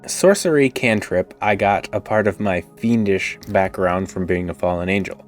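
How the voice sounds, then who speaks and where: Man, tabletop player, fairly low voice, laid-back, explains his character at length, faint music behind. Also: moderate pace. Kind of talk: casual tabletop game play.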